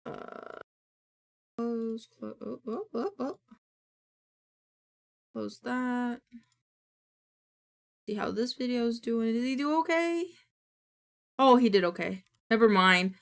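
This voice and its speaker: A woman's voice: a little high, takes it slowly, vocal fry, pauses often, smooth. A woman streamer chatting casually while she works, goofy and playful, teasing and swearing freely. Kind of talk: casual live-stream chat while working.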